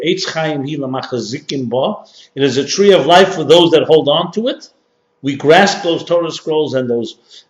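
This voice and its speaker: A man teaching as a rabbi, speaking with emphatic repetition and pushing his key points higher and louder. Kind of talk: sermon-style workshop lecture. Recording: dull, echoey hall recording.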